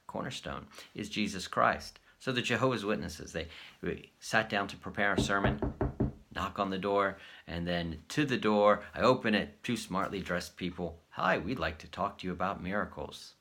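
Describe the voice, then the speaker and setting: A man with a low-pitched voice and a moderate pace hosts his channel. Telling a story casually to camera, he keeps the retelling animated and voices the quoted dialogue himself.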